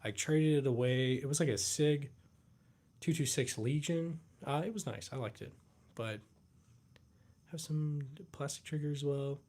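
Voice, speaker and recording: A tired man from the United States hosting a casual live Q&A stream, talking in a laid-back, halting way with many fillers and restarts. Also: a little high, darkish tone. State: tired, yawning. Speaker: livestream host.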